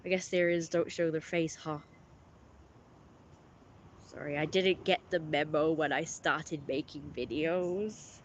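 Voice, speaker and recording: A friendly livestream host with a middling pitch, talking loosely to chat and reading out viewer messages. The speech wanders and restarts often. A faint noise sits under the voice. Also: fairly even intonation, slow, pauses often, muffled recording. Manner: rambling, self-correcting, friendly.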